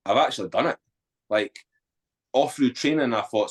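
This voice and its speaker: A man's voice: medium pitch, moderate pace, slightly rough. A man, a podcast guest telling his story candidly and bluntly, swearing freely.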